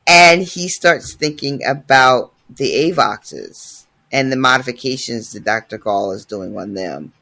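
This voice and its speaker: A man hosting a casual podcast chat about a book, animated, dramatic and profane as he talks through each chapter. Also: mid-range voice, a little slow, few pauses. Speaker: podcast host.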